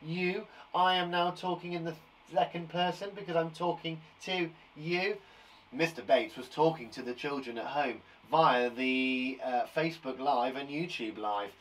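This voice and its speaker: Brief: young British male teacher, cheery and encouraging, slightly higher voice, live online kids' lesson. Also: measured pace, a bit bright, a little hiss or hum. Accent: British English. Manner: upbeat and encouraging, playful asides. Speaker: primary school teacher.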